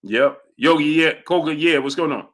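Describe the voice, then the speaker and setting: A young man hosts a live boxing stream, talking emphatically and repeating lines for effect. His voice sits a little high and sounds bright and forceful. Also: normal speed. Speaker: boxing livestream host. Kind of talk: live stream chat, reading Super Chats.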